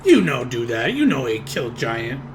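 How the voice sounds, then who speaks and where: A stubborn goblin guard, voiced by a man at a gaming table, barks in broken, clipped phrases. His pitch swings up and down as he argues, distrustful of outsiders. A faint hiss sits under the voice. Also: wildly swooping pitch, moderate pace. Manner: broken grammar, gruff and stubborn. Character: blunt suspicious goblin guard, male.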